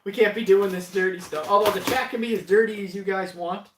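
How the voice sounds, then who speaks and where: A man's voice: sits high, fairly even intonation, quick pace, background noise. A man co-hosting a casual unboxing livestream at home, joking and teasing. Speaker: livestream co-host. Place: home basement. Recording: echoey room, mic at a distance.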